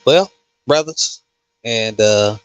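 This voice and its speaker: A man hosting a casual livestream reads out comments in a smooth voice on the low side. He talks slowly, with many fillers and restarts.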